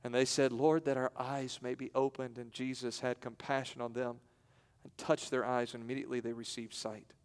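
A man preaching a sermon in a church, with dramatic pauses, and acting out the voices in the stories he tells. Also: mid-range voice, flat delivery, clean tone, big-room sound. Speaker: pastor. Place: church sanctuary.

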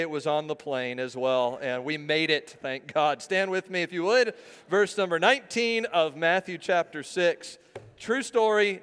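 A man's voice: on the high side, smooth. A man in his thirties preaching a sermon, telling a family story and reading scripture aloud. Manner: storytelling, animated, acts out a child's shouts. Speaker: pastor. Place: church sanctuary. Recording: reverberant hall.

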